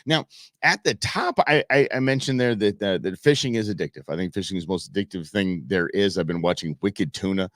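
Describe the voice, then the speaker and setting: Low-voiced chatty male talk host. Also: fairly quick, a bit bright, no room sound, studio quality. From Arizona, USA. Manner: chatty, rambling, jokey with many restarts. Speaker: radio show host. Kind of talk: casual talk show monologue.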